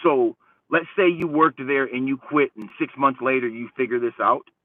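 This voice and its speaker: A man, a channel host, telling a rambling story in a profane, heated rant that swings between loud outbursts and low muttering. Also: steady tone, moderate pace, recorded from a distance. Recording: dry phone-like lo-fi audio from off-mic.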